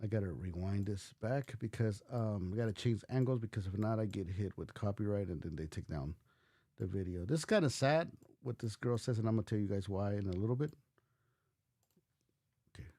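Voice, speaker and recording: A man from the United States hosts a casual livestream reaction. He rambles, restarts often and swears bluntly, and his voice is mellow and warm. The sound is dry and close, with no room around it. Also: fairly low pitch, fairly quick, no room sound. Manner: rambling, many restarts and fillers. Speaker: livestream host.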